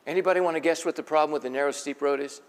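A man's voice: on the high side, racing. A man preaching a sermon in a conversational, folksy way, asking the congregation questions. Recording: long echo of a large hall.

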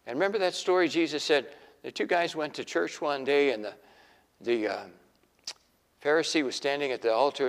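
A man's voice: medium pitch, big-room sound. A man preaching a sermon in a folksy storytelling way, acting out the voices of the people in his stories.

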